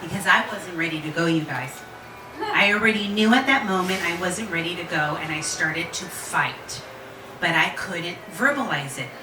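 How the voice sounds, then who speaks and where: A woman in her forties telling a personal story to a live audience, candid and animated, laughing and swearing freely. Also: fairly low pitch, normal speed, roomy sound, far from the mic, noisy background. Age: 40s.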